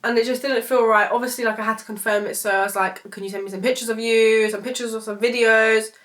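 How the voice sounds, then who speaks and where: A woman's voice: a little high, steady tone, fast talker, fairly bright tone. A woman, telling a personal story to camera in a rambling, emotional way, swearing freely. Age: 20s. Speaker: vlogger. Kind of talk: casual storytelling vlog.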